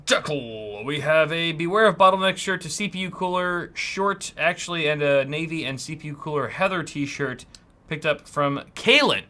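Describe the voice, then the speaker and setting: Young male co-host, bright and slightly high voice, jokey and profane. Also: moderate pace. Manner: joking, loud bursts, swears freely. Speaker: co-host of live tech show. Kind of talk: casual live-stream chat.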